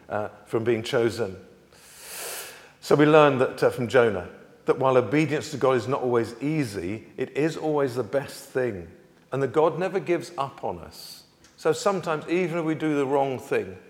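A man giving a children's talk at church and leading an animal action song, with call and response. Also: mid-range voice. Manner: leads a call-and-response animal song, gets louder and sings. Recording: echoey hall with guitar.

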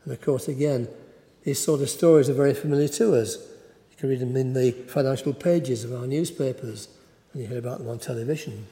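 A man's voice: medium pitch, fairly quick, mellow. Wry male preacher in echoing church. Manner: conversational storytelling, wry. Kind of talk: sermon. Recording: echoey church hall.

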